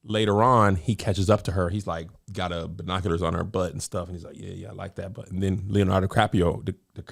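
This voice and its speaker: Low-voiced man, chatty podcast host. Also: fast talker, creaky. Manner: animated storyteller, acts out quotes. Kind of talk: casual chat.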